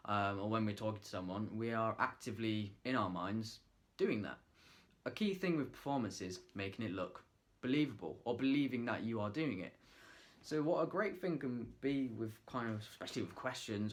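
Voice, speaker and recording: A man talking casually to camera, giving acting tips in a loose, chatty way with lots of fillers, trying out lines in different ways. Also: medium pitch. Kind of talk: casual vlog tutorial.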